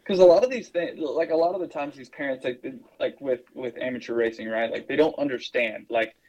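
A man's voice: medium pitch, a little fast, darkish tone, highs cut off. A man co-hosting a podcast, telling long stories in a loose, rambling way with plenty of fillers. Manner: rambling, filler-heavy storytelling. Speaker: podcast co-host. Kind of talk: casual podcast chat.

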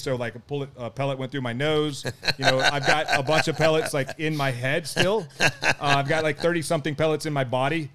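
A middle-aged man appears as a guest on a podcast, telling a story in casual chat. He's animated, laughs often, and acts out what people said, speaking in a fairly high pitch.

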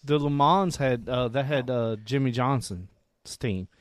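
A man co-hosting a podcast speaks at a middling pitch in a calm, unhurried way. He stays practical and even-tempered. The mic sound is dry. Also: no room sound. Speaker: podcast co-host. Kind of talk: casual chat.

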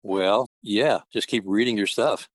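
A man's voice: fairly low pitch, unhurried, no room sound. A man being interviewed as a guest author, talking earnestly and candidly and often repeating himself. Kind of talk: interview answers.

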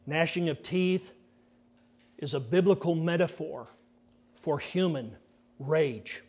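A middle-aged man preaching a sermon in a fairly high voice. He takes his time with each phrase, sinking into near-whispers to drive a point home. The delivery is earnest and deliberate. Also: slightly rough. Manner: dramatic, drops to hushed near-whispers for emphasis. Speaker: pastor.

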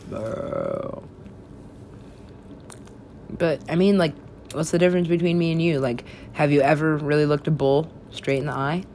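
A woman's voice: sits low, fairly even intonation, fairly quick, dark tone, slight background noise. A woman talking in a rambling, profane, stream-of-consciousness way, in a casual monologue.

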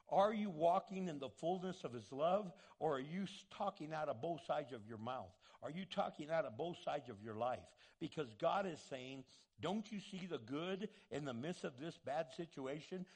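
A man preaching a sermon, emphatic and full of repeated rhetorical questions. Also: a little high.

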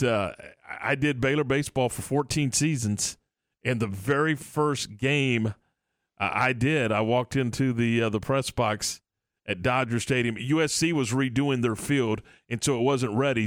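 A man's voice: medium pitch, no room sound. Brief: male sports radio host, casual and rambling, dry studio mic. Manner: rambling, many restarts and fillers.

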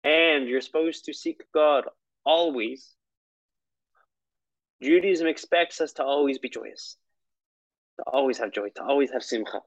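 A man's voice: mid-range voice, a little slow, long pauses, no room sound, muffled recording. A man teaching a lesson on prayer in a conversational, storytelling way, with asides.

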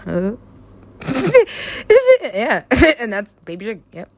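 A woman's voice: medium pitch, sing-song, takes it slowly, gravelly, no echo. A young woman chatting casually and rambling about stories she has written, laughing often and swearing freely. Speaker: writer describing her own stories.

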